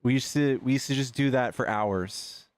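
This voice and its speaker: A man hosts a casual livestream in an excitable, chatty way, reading donations aloud. His voice sits in a middle pitch. The sound is dry and close, with no room echo. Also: moderate pace. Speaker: livestream host.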